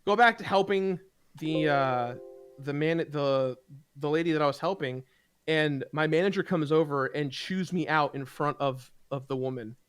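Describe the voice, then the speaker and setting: A man casually telling a heated personal story to friends, animated and profane, with rambling restarts. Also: fairly high pitch, moderate pace, smooth, no echo, soft background music. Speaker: gaming show regular.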